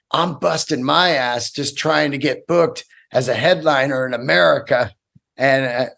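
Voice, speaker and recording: A man in his fifties, a stand-up comedian hosting his own podcast, telling stories in an excitable, profane, rambling way with many restarts. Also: on the high side, vocal fry. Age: 50s. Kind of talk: casual solo podcast storytelling.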